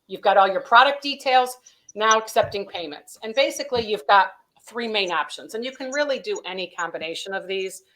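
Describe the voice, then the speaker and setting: A woman's voice: mid-range voice, expressive, fairly quick, a bit bright, poor audio. A woman, a company vice president, explaining practical steps in a business interview, chatty and advising, with many "you know" and "um" fillers. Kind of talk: conversational explainer in a business webinar.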